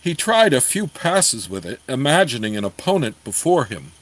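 A man reading a fantasy novel aloud in a steady storytelling manner. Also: mid-range voice, normal speed, low-quality recording. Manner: steady storytelling, apologizes for page turns. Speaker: audiobook reader.

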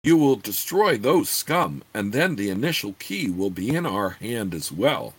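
A man voicing an ancient scheming witch woman who speaks in a measured, formal way. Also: fairly low pitch, sing-song, husky, full character voice.

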